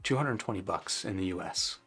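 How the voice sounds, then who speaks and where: A man's voice: low-pitched, expressive, fairly quick, fairly bright tone, slightly rough, soft background music. A man hosting a live stream, casually answering viewers' chat questions with loose, rambling talk full of fillers and restarts.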